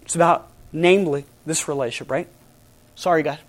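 Speaking a little fast in a voice on the high side, a middle-aged pastor preaches with animation and emphasis. His volume moves between loud and soft.

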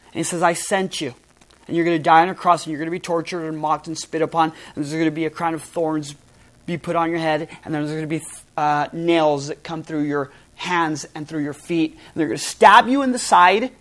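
A woman's voice: deep voice, fairly even intonation, a little fast. A woman pastor preaching a sermon in an earnest, emphatic way, stressing and spelling out key words.

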